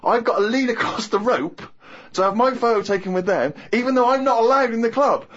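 A man, hosting a podcast, telling a comic anecdote in an animated, exasperated, self-mocking way. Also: extremely high pitch, fairly quick, muffled recording.

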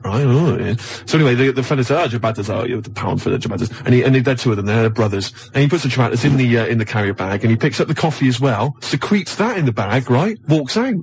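Fast-talking man telling a rambling story. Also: medium pitch, animated, darkish tone, slight background noise. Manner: rambling, repeats himself, keeps asking "right?". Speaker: guest storyteller. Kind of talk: casual comic anecdote.

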